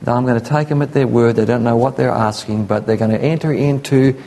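A man's voice: medium pitch, a little fast, warm tone. A man preaching a sermon in an earnest, conversational way, sometimes acting out the voices of people he quotes. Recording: echoey hall.

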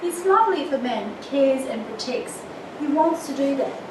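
A woman's voice: high voice, normal speed. Older woman teaching, distant and echoey. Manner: earnest, with lively anecdotes and acted quotes. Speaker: church course teacher. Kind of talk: marriage course teaching. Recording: echoey room, distant mic, background noise.

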